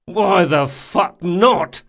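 A sharp-tongued thief, as a male narrator puts him on, menacing and sarcastic, swearing freely. His voice sits higher and louder than the narration, with a lively, hissing edge. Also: takes it slowly, full character voice.

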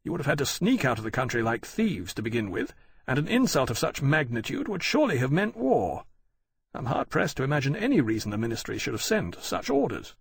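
A man's voice: mid-range voice, sing-song, a little fast, creaky, breathy edge, no echo, full character voice. A man voicing a cautious male diplomat who speaks in formal, warning tones. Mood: worried.

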